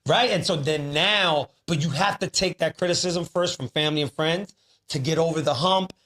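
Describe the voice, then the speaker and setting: A man's voice: on the high side, moderate pace, a bit bright. A man on a podcast talking earnestly about changing habits, preachy, dropping in Spanish phrases. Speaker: podcast host. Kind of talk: casual podcast chat.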